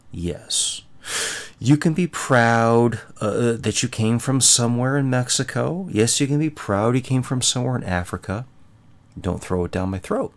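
A man hosting a show, giving opinionated commentary in an emphatic, drawn-out, lecturing way. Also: medium pitch.

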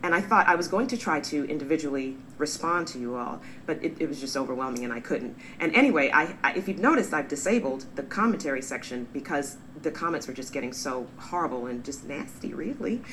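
A woman's voice: low voice, brisk, few pauses, slight background noise, poor audio. A woman in her forties talking straight to the camera, answering critics. She speaks earnestly and defensively, stressing key words. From born in England, raised in the US. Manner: earnest, defensive, animated emphasis. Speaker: vlogger, pediatrician. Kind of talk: direct-to-camera response video.

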